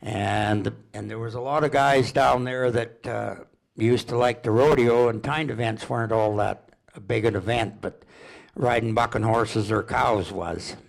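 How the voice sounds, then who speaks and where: An older man from Alberta telling rambling, folksy stories at a public presentation, unhurried and chuckling. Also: mid-range voice, steady tone, gravelly. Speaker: local storyteller.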